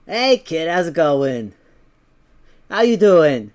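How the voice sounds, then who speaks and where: A man voicing a gruff, streetwise, middle-aged fight-ring boss who talks chummy and teasing. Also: a little high, very animated, slow. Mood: jovial.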